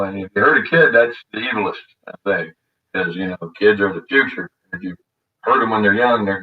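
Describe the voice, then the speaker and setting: Older male host, low voice, rambling and crude, recorded a bit distant on dull lo-fi audio. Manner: rambling, crude and bitter, many fillers and restarts. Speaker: radio show host. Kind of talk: rambling monologue. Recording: dull lo-fi audio, voice set back from the mic.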